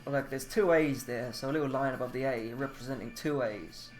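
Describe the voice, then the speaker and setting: A self-taught language learner with a medium-pitched voice briskly reads pronunciation notes from a book, with faint music behind him. He adds grumbling, casual asides about the spelling.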